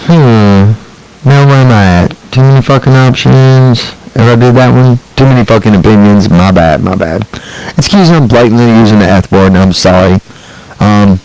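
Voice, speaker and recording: A middle-aged man with a somewhat low voice rants on his own show. He is blunt and swears freely, circling back over his points with restarts. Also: normal speed, darkish tone, poor audio. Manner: blunt, profane and rambling, with many restarts. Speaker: online show host. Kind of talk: ranting solo monologue.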